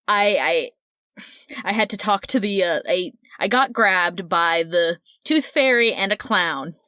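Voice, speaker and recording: A woman co-hosting a podcast, telling a story in an excited, laughing way with quick restarts. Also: mid-range voice, no room sound, studio quality. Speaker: podcast co-host. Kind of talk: casual storytelling chat.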